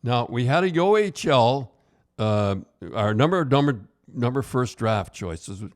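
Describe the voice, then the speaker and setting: An older man spins casual, rambling stories from his coaching days and keeps restarting his sentences. His voice sits at an ordinary pitch for a man. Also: expressive, unhurried. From Canada. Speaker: podcast host, retired hockey coach. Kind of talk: casual storytelling.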